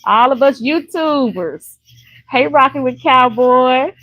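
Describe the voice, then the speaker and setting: A woman's voice: high voice, animated, slow, dry recording, highs cut off. An older woman from Louisiana, chatting casually and laughing often with viewers on a live stream. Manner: chatty, laughs often, warm folksy talk.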